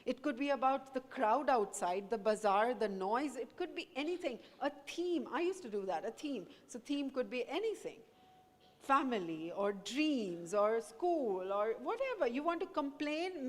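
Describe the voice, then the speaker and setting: Indian woman prof talking to students, earnest and encouraging, kinda high voice, long echo from a big hall. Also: animated, unhurried. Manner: earnest, encouraging, mixes Hindi into English. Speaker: guest speaker, professor. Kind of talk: talk to students. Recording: echoey hall with long reverb.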